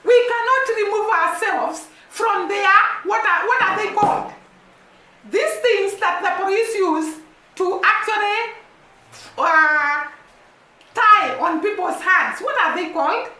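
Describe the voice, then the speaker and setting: A woman's voice: very high voice, a little slow, pushed and bright, reverberant. A Kenyan woman vlogging to camera in an earnest, repetitive way, building emphasis as she speaks, with a baby crying nearby. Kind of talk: casual to-camera commentary.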